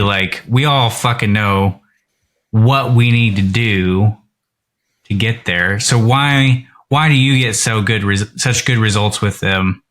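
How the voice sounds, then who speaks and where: A man's voice: on the low side, a bit bright. A man in his thirties hosting a podcast, talking in an earnest, casual way and swearing now and then. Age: 30s. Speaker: podcast host. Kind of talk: casual interview chat.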